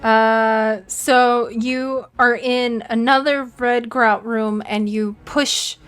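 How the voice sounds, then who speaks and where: A woman's voice: on the high side, steady tone, slow pace, a bit bright, clear, resonant tone, soft background music. A woman narrating as dungeon master, chatty and giggly, with many fillers. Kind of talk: narrating a tabletop game.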